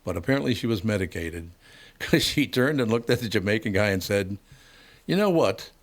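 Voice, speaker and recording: Older guy radio host, lowish voice, tells stories n chuckles at em. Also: fairly quick. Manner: storytelling, chuckles through his punchlines. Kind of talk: casual radio talk show chat.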